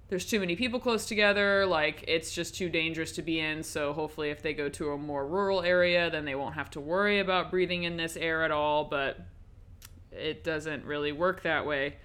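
A woman's voice: sits low, fairly bright tone, clean tone. A woman giving a casual, chatty recap and review of a horror film, with frequent ums and likes.

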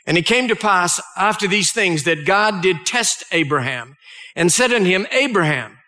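A man's voice: high-pitched, expressive, normal speed, pushed and bright. A male pastor preaching a sermon, reading scripture aloud and stopping to explain it and to pray.

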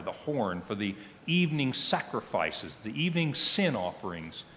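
Male pastor delivering a solemn sermon, slow and expressive, with long church reverb. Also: mid-range voice, a little hiss or hum. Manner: slow, solemn reading with falling, hushed phrase ends. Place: church sanctuary.

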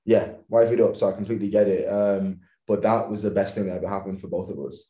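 A man in his thirties from England talks easily about his life as a dancer. He laughs often and keeps a loose, casual manner. His voice sits low, and the room behind it echoes. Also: fast talker. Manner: laughs often, relaxed and easygoing. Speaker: podcast guest, professional dancer. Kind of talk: casual interview chat.

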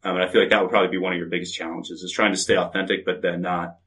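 Deep flat-voiced moderator. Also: male voice, rapid-fire. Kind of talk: panel discussion.

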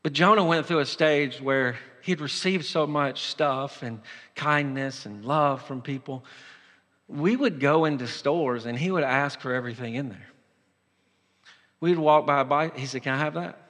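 A man preaching a sermon, moving between impassioned exhortation and quieter personal storytelling. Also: medium pitch, measured pace, long reverb tail. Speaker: pastor.

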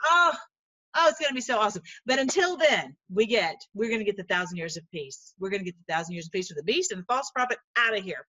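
An earnest woman offers informal Bible teaching and prayer, animated and quick-talking, laughing often and repeating words as she goes. Her voice sits on the high side, and there's no room sound.

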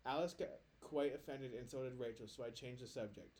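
A man in casual podcast chat at a middle pitch, reading posts aloud and then riffing on them. His talk is loose and rambling, with filler "like" scattered through it. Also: a little fast, darkish tone. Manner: loose, chatty, leans on filler "like". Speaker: podcast co-host.

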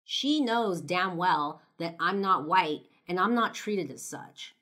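This young Los Angeles vlogger takes her time telling a personal story to camera, her lowish voice animated and fairly bright. She's loose and chatty, full of "like" and "you know," and swears bluntly now and then. She's from Los Angeles, United States.

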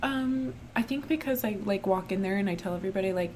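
Hoarse young woman, animated chat. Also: mid-range voice, fairly quick, hardly any pauses, a little hiss or hum. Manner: animated storyteller, laughs often, many "like"s. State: hoarse, strained voice. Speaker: podcast co-host. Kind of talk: casual chat.

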